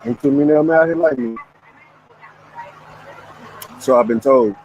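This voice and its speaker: A relaxed man talks to his viewers while he eats. He jokes around in a casual, easygoing way. His voice sits at a middle pitch, with a faint hum of noise behind it. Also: normal speed, muffled recording. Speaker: vlogger. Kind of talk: casual live-stream chat while eating.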